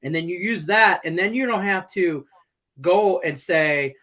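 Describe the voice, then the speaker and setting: A man's voice: sits high, a little slow, bright, forceful tone. A middle-aged man co-hosting a sports betting show, chatting in a laid-back, rambling, jokey way. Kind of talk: casual sports betting chat.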